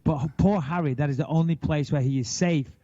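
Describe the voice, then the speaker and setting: Man, thirties, blunt and sweary, slightly high voice, dull lo-fi sound. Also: fairly quick. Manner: blunt, swearing, animated storytelling. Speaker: podcast co-host, retired fighter. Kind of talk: casual chat.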